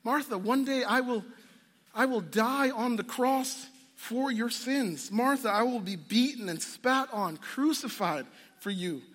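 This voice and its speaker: A preacher voicing a gentle, loving savior. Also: male voice, very high-pitched, unhurried, in a large hall, exaggerated voice. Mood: tender. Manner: gentle, earnest, repeating the listener's name. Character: patient, loving male savior speaking gently.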